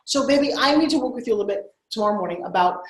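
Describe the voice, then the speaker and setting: A woman hosting a workshop, giving blunt, bossy coaching on someone's pitch. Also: expressive, rapid-fire, reverberant, a little hiss or hum, low-quality recording.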